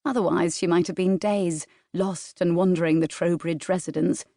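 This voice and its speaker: Warm, low-voiced woman narrating an audiobook. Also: fairly even intonation, normal speed, dry recording, clean studio sound. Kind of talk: scripted narration. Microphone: studio microphone, close.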